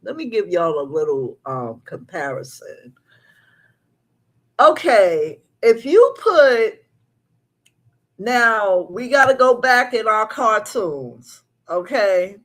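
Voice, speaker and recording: A woman's voice: medium pitch, sing-song. A middle-aged woman hosting a live recap show from her apartment, chatting with her viewers and drawing out her stories. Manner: chatty, talks straight to viewers, drawn-out storytelling. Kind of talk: casual live chat with viewers.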